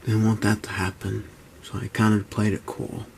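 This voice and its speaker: Man in his twenties, hushed halting vlog talk, gravelly low voice, faint hiss behind. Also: steady tone. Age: 20s. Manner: whispering and speaking low, halting, with restarts. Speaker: YouTuber. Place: at home, indoors.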